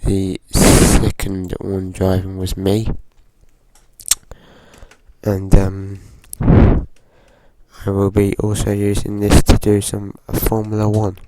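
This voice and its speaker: A man with a groggy voice from a cold, giving slow, hesitant casual commentary while playing a driving game. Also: on the low side, completely flat delivery, very noisy. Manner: slow, hesitant, with frequent fillers. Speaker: gaming channel host.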